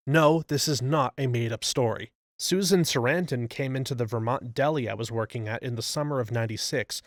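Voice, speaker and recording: A man narrating reader stories in an even, steady read-aloud style. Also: medium pitch, dry recording, studio quality. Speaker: story narrator.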